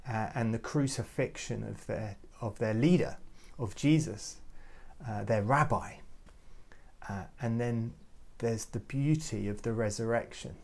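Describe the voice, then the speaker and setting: A man giving an earnest, reflective devotional talk to youth leaders, often halting and repeating words as he goes. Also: lowish voice, gravelly. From United Kingdom. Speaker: youth ministry speaker.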